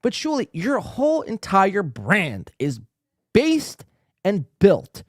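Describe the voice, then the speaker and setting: A man's voice: high-pitched, slow pace, no echo, clean studio sound. A man hosting a reaction podcast, ranting and swearing in casual commentary. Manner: profane, ranting, excitable. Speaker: podcast host.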